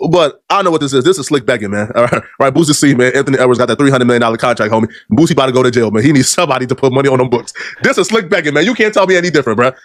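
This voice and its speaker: A man hosting a commentary video, talking in animated, mocking slang on a close, dry mic. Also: mid-range voice, very fast, few pauses, dry recording.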